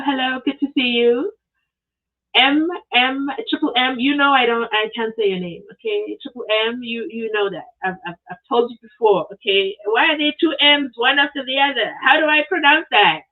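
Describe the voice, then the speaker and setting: Chatty woman streamer with tinny audio. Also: fairly high pitch. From South Africa. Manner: chatty, animated, reads comments aloud, exclaims often. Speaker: live stream host. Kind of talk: casual live stream chat.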